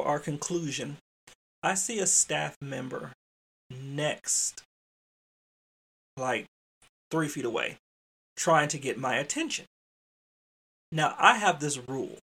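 With a fairly high, gravelly voice and a fairly bright tone, this adult father hosts a podcast and recounts something that happened at work. He's casual and talkative, addresses his audience as "y'all," and drops in some mild swearing.

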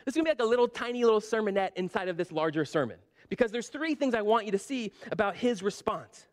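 A man preaching a sermon in a casual, animated storytelling way, often saying "like". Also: high-pitched, fast. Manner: conversational, animated retelling with frequent "like". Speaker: pastor.

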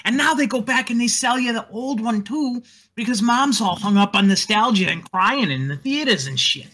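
A man co-hosting a casual book-club podcast over an online voice call, animated and a bit profane. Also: extremely high pitch, normal speed. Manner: animated, swears, rising loudness when riffing. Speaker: podcast co-host.

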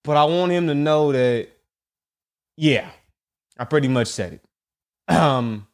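A young man hosting a podcast, telling a story in an animated, profane, slang-heavy solo rant. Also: a little high, takes it slowly. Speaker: podcast host.

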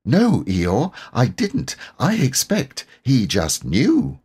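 A man doing Piglet, a squeaky timid piglet. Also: huge pitch swings, takes it slowly, darkish tone, breathy edge, heavily acted. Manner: nervous, high squeaky voice. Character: small timid young male piglet.

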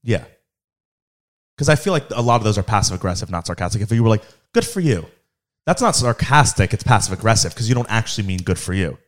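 Teasing, laughing podcast co-host. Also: male voice, on the low side, animated, quick pace. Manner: laughs often, loose and teasing. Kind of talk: casual chat.

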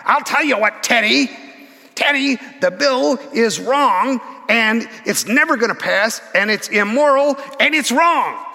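A man putting on the squeaky voice of an indignant elderly senator. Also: animated, unhurried, vocal fry, sharp tone, heavily acted. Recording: reverberant church hall.

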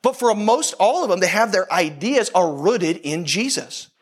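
A man's voice: sits high, expressive, moderate pace, husky. A man in his thirties preaching a sermon in a conversational, storytelling way, with self-deprecating humor. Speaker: pastor.

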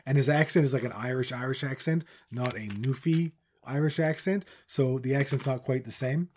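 Blunt, profane man with a dark voice. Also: mid-range voice, normal speed, slight background noise. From Newfoundland, Canada. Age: middle-aged. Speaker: podcast co-host. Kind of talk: casual chat.

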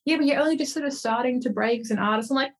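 A woman's voice: high voice, rapid-fire. A young Australian woman, a guest musician, chatting casually in an interview and telling stories with lots of fillers and laughter. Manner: animated storyteller, frequent "like" fillers and laughter.

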